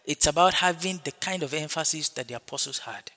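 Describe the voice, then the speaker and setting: A man preaching a sermon, stretching words slowly for emphasis and dropping in hallelujah and praise God between points. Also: on the high side, pushed and bright. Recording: long hall reverb.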